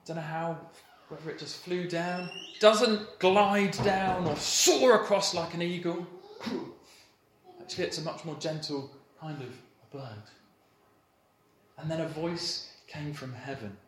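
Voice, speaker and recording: A man in his thirties, a pastor, giving a sermon in a church hall with a warm, playful storytelling manner and light laughter. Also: on the high side, a little slow, slight background noise. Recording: roomy hall echo, faint ambience.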